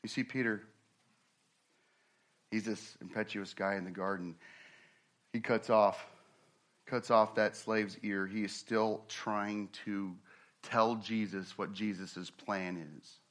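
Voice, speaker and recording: A man preaching a sermon, acting out the people in his story and swinging from hushed, slow passages to loud, fast ones. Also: on the low side, fairly even intonation. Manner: dramatic preaching, acts out quoted voices, swings from hushed to loud. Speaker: pastor.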